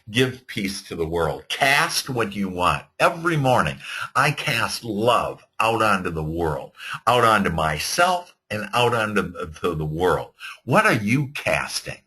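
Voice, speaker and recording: A man giving an earnest motivational talk to entrepreneurs, animated, with frequent fillers and restarts. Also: lowish voice, a little slow, slightly rough. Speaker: motivational speaker. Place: virtual webinar.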